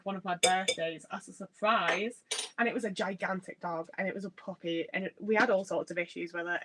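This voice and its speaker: A lowish, fairly bright voice comes through a rough recording as a young woman bakes in her home kitchen on a livestream. Her Midlands accent carries a slight Liverpool twang, and she talks to viewers in a rambling, chatty way, swearing freely and being self-deprecating.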